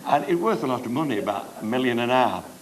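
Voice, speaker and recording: A man's voice: medium pitch, lively intonation, fast talker. An older man with a Cheshire accent telling bawdy comic stories on stage, chuckling through them. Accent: Cheshire English. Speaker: after-dinner comedian. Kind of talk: stand-up anecdotes. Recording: noisy live recording, audience laughter.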